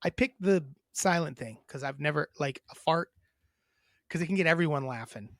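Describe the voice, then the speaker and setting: A young woman with a fairly low voice that swings widely in pitch as she teases her sibling. She jokes, swears and acts out her own reactions in casual podcast banter. The sound is dry and close to the mic. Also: lively intonation, normal speed, no echo. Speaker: podcast co-host.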